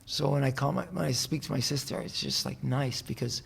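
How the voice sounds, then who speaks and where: Gravelly man telling a meandering story. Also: medium pitch, fairly even intonation, a little fast. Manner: meandering, soft-spoken storytelling with restarts. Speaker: musician guest. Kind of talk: casual interview conversation. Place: hotel room.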